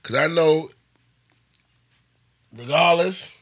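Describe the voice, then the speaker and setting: A man's voice: on the high side, extremely slow, a bit bright, husky. A young man in casual chat, blunt and laid-back, asking teasing questions.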